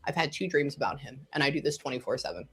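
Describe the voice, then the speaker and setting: A middle-aged woman, a psychic medium, telling stories in a casual interview, animated and quick to laugh, swinging between excited bursts and hushed asides. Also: sits low, slightly rough. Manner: laughs often, swears when worked up.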